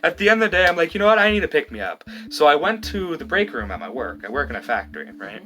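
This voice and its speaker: A man's voice: on the high side, big pitch swings, quick pace, sharp tone. A man hosting a podcast, telling stories in a chatty way and laughing often. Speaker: podcast host. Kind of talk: casual chat. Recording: music playing in background. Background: music.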